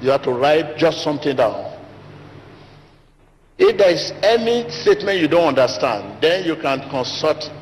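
A man's voice: very animated, moderate pace. A man delivering an emphatic, repetitive sermon as a pastor in a large church hall. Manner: repetitive emphatic preaching, rising to high pitch. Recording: long hall reverb, faint noise.

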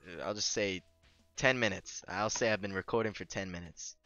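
A man's voice: sits low, moderate pace, pushed and bright, muffled recording, faint music behind. A young man casually narrating his game playthrough, goofy and lightly cursing as he reads game dialogue aloud. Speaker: gaming YouTuber. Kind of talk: casual let's-play commentary.

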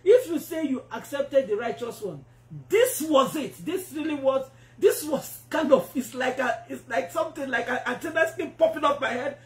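A woman preacher telling a testimony in a sermon, animated and acting out the voices she quotes. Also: high-pitched, moderate pace. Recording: roomy echo.

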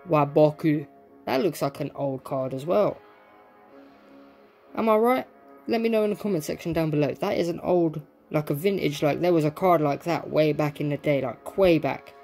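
A man's voice: fairly high pitch, creaky, darkish tone. A young man chats loosely while opening trading card packs, reading each card name aloud and dropping frequent swears. His delivery is laid-back and conversational, with faint music playing behind him. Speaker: card pack opening host. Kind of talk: casual pack-opening chat.

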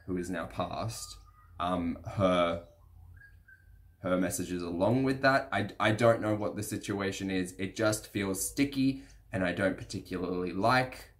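Slow-talking man with a croaky, congested voice. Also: sits low. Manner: measured, hesitant with many fillers. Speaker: reaction channel host. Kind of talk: casual commentary to camera.

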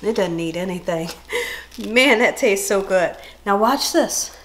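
A woman's voice: mid-range voice, lively intonation, a little slow, very noisy. A woman hosting a home cooking show from her kitchen, bubbly and folksy, calling her viewers guys and honey.

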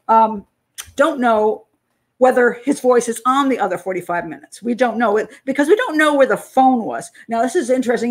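Chatty older woman profiler, slightly high voice. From United States. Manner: chatty, laughs often, reads and answers viewer comments. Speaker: criminal profiler and channel host. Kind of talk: casual live-stream commentary.

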